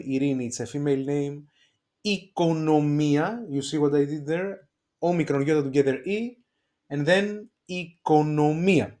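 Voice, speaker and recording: A man with a Greek accent teaching a beginner language lesson, talking slowly and checking in with "okay?" and frequent fillers. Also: on the high side, a little mellow.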